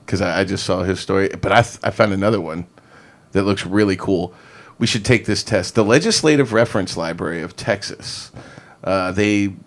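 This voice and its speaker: Dad hosting a chat show, lowish voice, dry jokes, reads a quiz off the screen. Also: male voice. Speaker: host. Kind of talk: casual chat.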